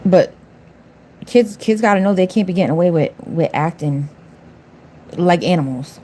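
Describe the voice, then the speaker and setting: A woman's voice: on the low side, normal speed, long pauses, warm tone, slight background noise. A middle-aged woman doing nails on a livestream, talking casually and bluntly, sassing viewers in the chat. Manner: blunt, sassy, talks back to chat viewers. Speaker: nail artist livestreaming.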